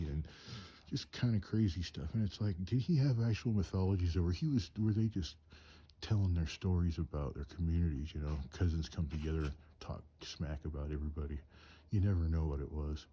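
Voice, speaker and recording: A man's voice: sits low, brisk, dark tone, husky. A man telling stories in a rambling, chuckling way, cold and shivering outdoors at night. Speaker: storyteller and craftsman. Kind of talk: casual storytelling. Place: outdoors at night on a mountain trip.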